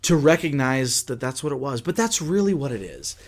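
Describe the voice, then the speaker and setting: A man's voice: medium pitch, a little fast. A man who is a guest on a podcast, telling stories in casual conversation and acting out the dialogue. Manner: animated storytelling, acts out quoted dialogue.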